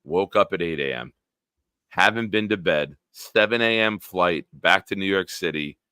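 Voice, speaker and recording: A man's voice: sits low, moderate pace, sharp tone, clear, resonant tone, no echo. A young man hosting a sports podcast live stream, casually joking and reading out viewer comments. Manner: jokey, reads out viewer comments.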